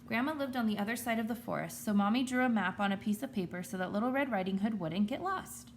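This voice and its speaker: A woman teacher reading a children's story aloud in an expressive storytelling manner. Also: on the high side, fast talker, slight background noise.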